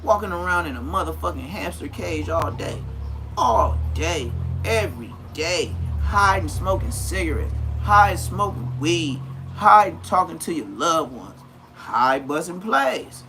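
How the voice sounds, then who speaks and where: Against a noisy background, a man in his 30s with a fairly high voice speaks a little slowly, telling profane stories on a casual livestream. He's animated and acts out what people said in a raised voice.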